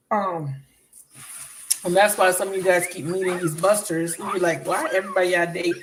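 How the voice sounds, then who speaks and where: A woman's voice: fairly low pitch, a little hiss or hum. A woman tarot card reader talking in a casual, blunt and profane way, telling stories with laughs in between. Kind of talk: casual tarot reading monologue.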